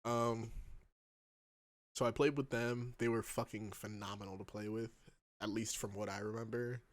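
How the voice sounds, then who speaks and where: A man's voice: lowish voice, steady tone, normal speed, dry recording. A man co-hosting a podcast in casual chat, swearing often and laughing through his stories. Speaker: podcast co-host.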